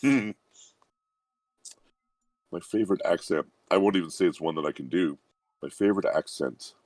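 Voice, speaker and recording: A man, a guest voice actor, talking in a relaxed interview in a reflective, humble and unhurried way. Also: low voice, no echo.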